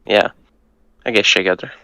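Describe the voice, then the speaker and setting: A man who speaks Hungarian natively, patiently tutoring and breaking words down slowly, with some hesitant fillers. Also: lowish voice, gravelly, sharp tone, dry recording, poor audio. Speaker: language tutor. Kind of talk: casual language lesson.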